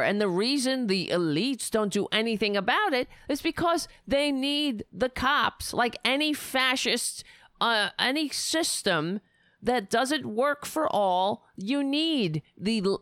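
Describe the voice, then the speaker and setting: A woman pours out fierce, sarcastic political commentary, her voice set fairly high and sounding smooth and clear. She rants with heat and profanity, now and then jumping into sudden loud bursts. The recording is close and dry. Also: no room sound.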